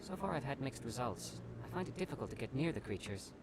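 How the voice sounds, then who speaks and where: A man's voice: medium pitch, big pitch swings, quick pace, background noise. A man voicing a nervous, secretive researcher in video game dialogue, hesitant and evasive.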